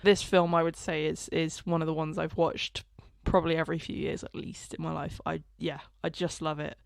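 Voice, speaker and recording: Podcast lady chatting about films, kinda fry-ish voice, laid back, dry sound. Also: sits low, little pitch movement, fairly quick, no room sound. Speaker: podcast co-host. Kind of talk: casual chat.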